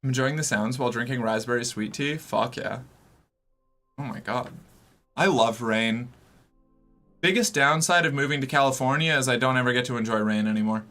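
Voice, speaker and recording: A man's voice: medium pitch, normal speed, bright, forceful tone, soft background music. A young man from the US Northeast streaming and chatting casually with viewers, talkative and rambling with many fillers. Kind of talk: casual chat reading viewer messages.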